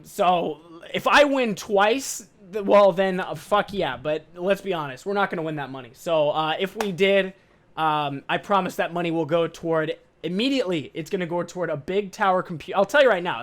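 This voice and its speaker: A young man hosting a podcast, telling a story in a casual monologue, animated, self-mocking and swearing freely. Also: high voice, normal speed. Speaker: podcast host.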